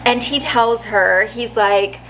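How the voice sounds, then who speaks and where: Woman vlogger, casual storytelling, laughs a lot, fairly high-pitched, faint noise behind. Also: steady tone, slow, fairly bright tone, poor audio. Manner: chatty, laughs often, lots of "like".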